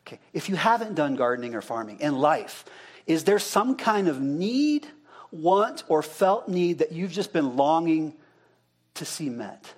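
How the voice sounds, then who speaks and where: This is a pastor delivering a sermon in a loose, chatty way. His voice sits notably high for a man. He keeps turning to the people in front of him with questions and repeats what they call out. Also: sing-song, unhurried, darkish tone, husky. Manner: conversational, asks the congregation questions and repeats their answers. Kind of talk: interactive sermon.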